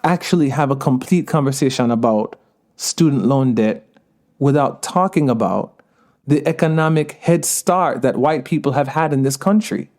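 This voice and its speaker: A U.S. man in his thirties, with a medium-pitched, darkish voice and touches of Jamaican patois in his accent, speaks at a moderate pace. As a podcast guest in a conversational interview, he makes his point earnestly, with digressions and laughter.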